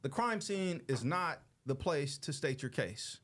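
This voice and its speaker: A man's voice: fairly high pitch, expressive, a little slow, fairly bright tone. A man in his thirties from Los Angeles, hosting a show and telling a story in a loose, slangy way, acting out the people he quotes. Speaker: show host. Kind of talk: casual storytelling to an audience.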